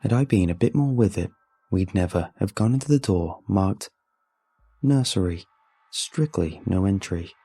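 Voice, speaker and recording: A man narrating a first-person horror story in a steady, measured way. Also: fairly low pitch, slightly rough.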